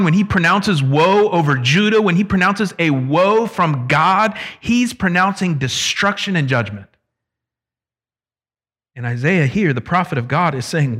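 A man preaching at an unhurried pace, with a voice pitched a bit higher than most men's. He rises to loud emphasis and sinks into hushed, low drops. He mixes casual asides into his teaching. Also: expressive. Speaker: pastor. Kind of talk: expository sermon.

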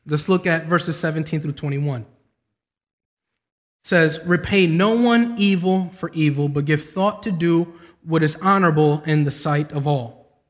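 A young man preaching a sermon, telling a story with a voice that climbs when he gets excited. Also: a little high, unhurried. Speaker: pastor. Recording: long reverb of a large hall.

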